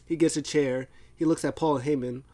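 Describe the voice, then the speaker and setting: A man's voice: fairly high pitch, steady tone, moderate pace, mellow. A man casually recapping a wrestling show, rambling with lots of fillers and restarts. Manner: rambling, filler-heavy storytelling.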